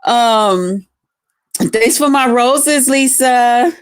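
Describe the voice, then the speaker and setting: With a fairly high pitch, drawn-out words, and a clear, resonant tone, a woman streamer chats casually with her viewers. She tells rowdy, curse-laden stories while addressing her chat directly and greeting people by name.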